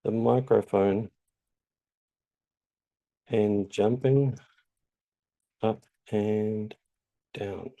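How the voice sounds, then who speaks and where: A man's voice: lowish voice, steady tone, drawn-out words, creaky, pauses often, dark tone, highs cut off. A man with a New Zealand accent giving a chatty, casual tutorial with lots of ums. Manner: chatty, loose, many ums. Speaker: tutorial host. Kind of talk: casual screen-share tutorial.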